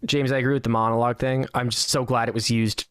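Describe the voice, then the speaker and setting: Animated man reviewing a film. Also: medium pitch, fast talker, smooth, dry recording, studio quality. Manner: animated, acts out quotes, laughs often. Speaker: podcast co-host. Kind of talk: casual movie review chat.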